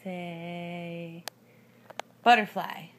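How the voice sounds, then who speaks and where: A woman's voice: on the low side, fairly even intonation, very slow, slight background noise. A mother coaxing her toddler in baby talk, sing-song and often laughing.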